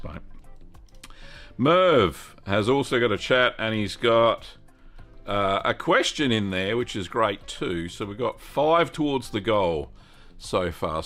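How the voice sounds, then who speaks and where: A man's voice: on the low side, fairly bright tone. A middle-aged Australian man hosting a live cheese-making question stream, chatting casually, greeting viewers by name and thinking aloud with lots of ums.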